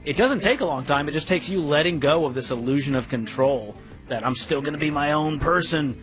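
A man's voice: a little high, animated, brisk, a bit bright, soft background music, low-quality recording. A man co-hosting a money advice show, chatty and joking, sometimes acting out what people say. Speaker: co-host of a money call-in show. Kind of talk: casual radio talk.

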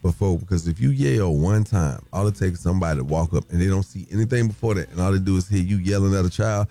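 A man's voice: sits low, quick pace, soft background music. A man hosting a morning radio talk show, talking casually and animatedly, acting out voices as he makes his points. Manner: animated, acts out yelling in quotes.

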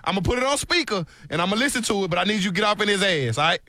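A man playing a pushy drawling cop, bright voice. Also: high-pitched, lively intonation, very fast, no room sound, clean studio sound, full character voice. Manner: drawling, repeats "ma'am", pushy questions. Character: stern male police officer questioning a mother. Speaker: radio prank-call co-host. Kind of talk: prank call role-play.

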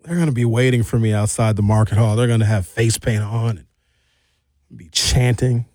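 A man's voice: steady tone, moderate pace, a little mellow, no room sound. A man from Milwaukee hosting a radio show, rambling and joking in casual studio chat. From Milwaukee, United States. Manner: rambling, joking, swings pitch for effect.

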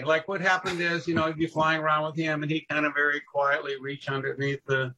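A man telling animated history anecdotes as a podcast guest, laughing at his own stories and jumping into voices. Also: a little high, brisk, few pauses, poor audio. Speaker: guest storyteller on local history. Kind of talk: casual podcast storytelling.

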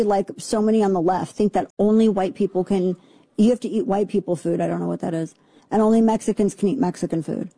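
A woman hosting a talk radio show, ranting sarcastically about the news with quick asides. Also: mid-range voice, dark tone, breathy edge, dry recording. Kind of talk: opinionated political talk radio.

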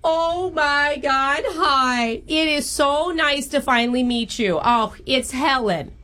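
A woman's voice: sits high, very animated, fast, fairly bright tone. A woman voicing an eager, chatty forty-six-year-old woman in a prank phone call, with an overdone mixed accent and a gushing, oblivious manner. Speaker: radio host pranking a caller.

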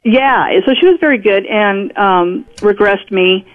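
In muffled radio audio, a mid-range voice at a measured pace belongs to a guest in conversation who relates a personal story casually, acting out other people's speech.

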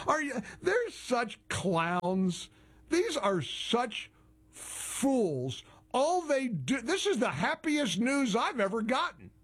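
A male talk radio host whose commentary drips with sarcasm and mockery. His voice sits high for a man and swings widely in pitch, and he takes his time over the words. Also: big pitch swings, slow pace, a bit bright, breathy edge. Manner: heavily sarcastic, mocking.

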